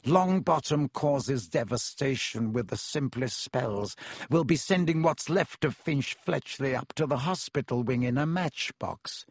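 A man voicing a cold, sneering male potions master in an audiobook, speaking slowly and silkily. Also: medium pitch, husky, no room sound, studio quality.

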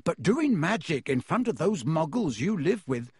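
A man reading aloud and voicing a bold teenage boy wizard who speaks briskly and gives orders. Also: a little high, very animated, a little mellow, husky, no room sound, clean studio sound, heavily acted.

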